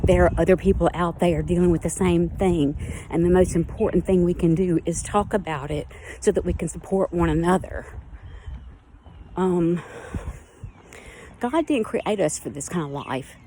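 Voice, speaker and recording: A woman's voice: lowish voice, moderate pace, warm tone, slight background noise. A woman talking candidly and a little out of breath in an outdoor personal vlog. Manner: candid, rambling, heartfelt. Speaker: vlogger.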